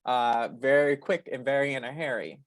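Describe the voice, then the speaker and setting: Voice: medium pitch, moderate pace, dry recording, clean studio sound. A host introducing poets at an online reading, chatty and affectionate, with frequent ums and laughs. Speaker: event host. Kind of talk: casual chat.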